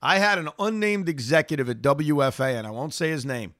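A man's voice: a little high, brisk, a bit bright, dry recording, studio quality. A man hosting sports talk radio, reading listener email and answering in an emphatic way that repeats phrases for effect.

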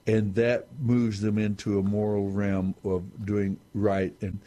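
A man explaining scripture on a talk show in a halting, measured way with many restarts. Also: fairly low pitch, little pitch movement, warm tone. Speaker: Bible teacher on a talk show. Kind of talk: unscripted Bible discussion.

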